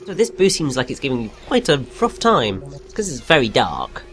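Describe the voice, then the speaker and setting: A man's voice: mid-range voice, wildly swooping pitch, moderate pace, fairly bright tone. A man co-hosting a game playthrough, chatting enthusiastically and going off on tangents. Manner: enthusiastic, giggly, rambling. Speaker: let's play co-host. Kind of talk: casual gameplay commentary. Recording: faint game music behind.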